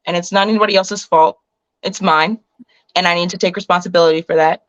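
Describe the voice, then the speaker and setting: A woman's voice: on the low side, steady tone, fast, dry recording, muffled recording. A woman in her twenties, a pro wrestler, chatting bluntly in an interview and sounding tired. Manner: blunt, laughing, admits a temper. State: tired, yawning. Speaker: professional wrestler, guest. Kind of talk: casual interview chat.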